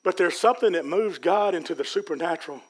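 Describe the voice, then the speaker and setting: High-voiced folksy preacher. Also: male voice, fast talker. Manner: folksy preaching, Southern US dialect, builds to shouts. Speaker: pastor. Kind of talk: sermon. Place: church sanctuary.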